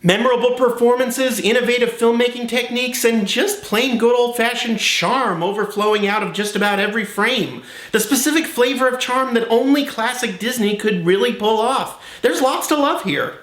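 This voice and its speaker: A man co-hosting a film review with wry enthusiasm. His voice is high and bright. The room adds a noticeable echo. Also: moderate pace. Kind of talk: scripted review commentary.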